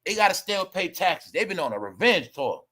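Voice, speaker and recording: A young man hosting a live gossip commentary stream, loud and laughing, often calling out to viewers. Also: high voice, big pitch swings, a little fast, a little hiss or hum. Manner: loud, laughing, repetitive, addresses viewers as y'all. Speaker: commentary host.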